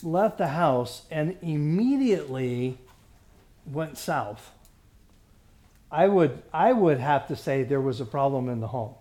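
A man's voice: a little high, animated, slow pace, warm tone. A man pastor leading a Bible study in a conversational way, often restarting and checking that the group follows him.

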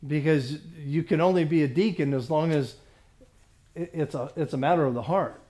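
Teaching a Bible study class, this man reads scripture slowly, tripping over his words, repeating himself and clearing his throat often. His voice sits a little high with a dark tone.

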